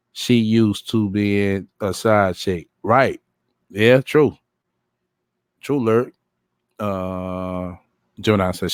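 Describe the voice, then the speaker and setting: A man's voice: lowish voice, clear, resonant tone, no echo, clean studio sound. A man doing live-stream commentary, mocking a clip with lots of swearing and laughter, and reading viewer comments aloud. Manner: profane, mocking, laughs often, reads chat aloud.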